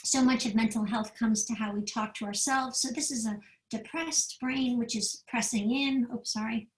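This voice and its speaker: A middle-aged woman psychiatrist gives a parenting talk, fairly high-voiced and animated. She acts out the quotes as she tells her stories. Her voice carries with echo around the room. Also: moderate pace. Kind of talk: storytelling lecture. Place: event room.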